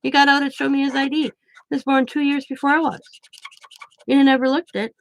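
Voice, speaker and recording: A woman's voice: high voice, flat delivery, a little fast, creaky. A woman in her forties telling a personal story in a casual, chatty way, acting out the quoted dialogue. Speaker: craft vlogger.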